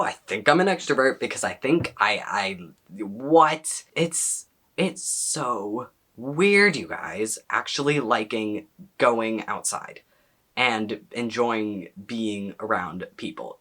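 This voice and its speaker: Young male vlogger, mid-pitched, excitable, rambles and questions himself aloud. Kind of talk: casual chat to camera.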